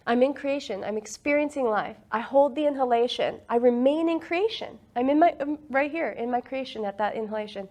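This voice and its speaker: Earnest woman meditation teacher, casual group talk, slightly high voice, easy laughter. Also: darkish tone. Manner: laughs often, earnest and enthusiastic.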